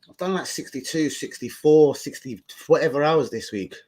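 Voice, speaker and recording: Slangy lad on a live stream. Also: male voice, on the high side, normal speed, a little mellow, husky. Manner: swearing, slangy, rambling. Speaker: football fan streamer. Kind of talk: casual live stream chat.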